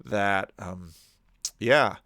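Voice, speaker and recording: A man pausing a video to comment on it, rambling and restarting his sentences often. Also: fairly low pitch, sharp tone, no room sound, studio quality. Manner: digressive, frequent restarts and repeated words.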